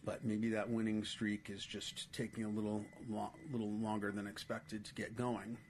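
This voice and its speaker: A man hosting a podcast, reading his own essays aloud with spoken asides, in a measured, pointed critical tone. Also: fairly low pitch, monotone, darkish tone, a little hiss or hum.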